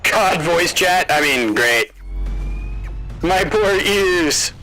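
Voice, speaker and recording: A man's voice: high-pitched, lively intonation, drawn-out words, pushed and bright, soft background music, poor audio. A man streaming a game, talking through a spaceman voice-changer filter, puzzled and complaining. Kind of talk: casual live-stream chat.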